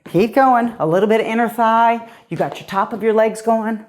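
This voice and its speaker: A woman's voice: a little high, normal speed, a little mellow. A middle-aged woman fitness coach leading a guided workout, upbeat and encouraging, a little out of breath as she exercises along.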